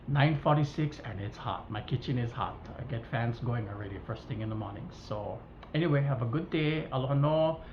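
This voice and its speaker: Rumbling low with vocal fry, a woman from Hawaii rants casually to her viewers in her home kitchen, speaking Hawaiian Pidgin-tinged English. Her storytelling is animated and she performs the dialogue herself; the recording sounds roomy, slightly dull, and faintly hissy.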